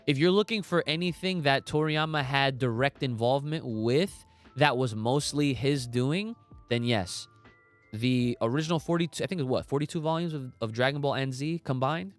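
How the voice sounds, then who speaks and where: Emphatic young man, smooth dry voice. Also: mid-range voice, no room sound. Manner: emphatic, swearing, slangy, with frequent restarts. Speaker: podcast host. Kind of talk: casual livestream chat reading viewer comments.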